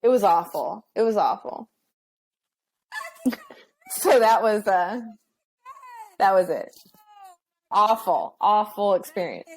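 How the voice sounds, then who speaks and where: A woman's voice: medium pitch, expressive, slow, long pauses, a little mellow, poor audio. A young woman chats on a podcast as a guest, swearing freely. She tells a personal story with growing animation and a casual, unfiltered delivery.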